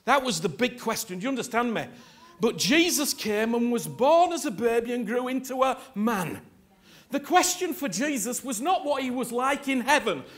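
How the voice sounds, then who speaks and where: A man's voice: very high-pitched, sing-song. A man preaching a sermon, impassioned and emphatic, urging his congregation to respond and repeat after him. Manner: slow and emphatic, with sudden loud peaks.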